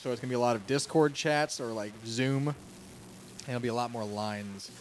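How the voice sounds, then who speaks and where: A man's voice: mid-range voice, a little fast. A young man co-hosting a podcast in casual chat, laid-back and rambling, with faint noise behind. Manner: laid-back, rambling, drops into joke accents. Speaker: podcast creator and co-host.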